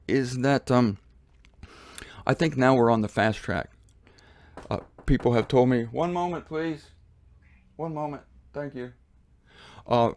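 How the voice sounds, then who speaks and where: Man, gravelly voice, animated and mocking, casual commentary, dry laundry room. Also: no echo. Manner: animated, mocking, swings from low mutters to high exclamations. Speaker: Bible teacher and show host. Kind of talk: casual self-filmed commentary.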